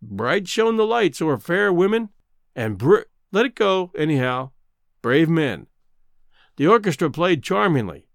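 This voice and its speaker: Wry, expressive male storyteller. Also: a little high, measured pace, vocal fry, no room sound, studio quality. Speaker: audiobook narrator. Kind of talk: storybook reading.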